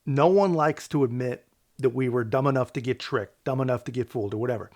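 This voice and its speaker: A man's voice: mid-range voice, brisk, darkish tone. A male host giving casual, sarcastic political commentary, laughing often and tagging lines with "man" and "right".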